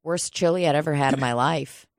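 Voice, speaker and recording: Low-voiced woman telling stories. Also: fairly quick, no echo, clean studio sound. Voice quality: profane, laughs often. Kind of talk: casual storytelling chat.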